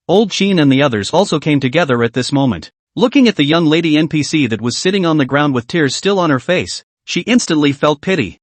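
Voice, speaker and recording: Lively male recap narrator. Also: on the high side, fairly quick, hardly any pauses, dry recording. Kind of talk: scripted story narration.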